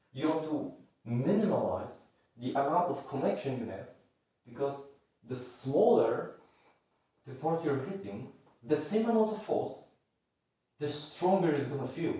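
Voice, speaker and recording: A man's voice: medium pitch, very animated, a little slow, long pauses, warm tone, distant mic. A man with as his teaches a martial arts lesson in an offhand, rambling way, stopping to search for words. He stands well back from the mic, and his voice rings around a very echoey room. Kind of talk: casual spoken lesson.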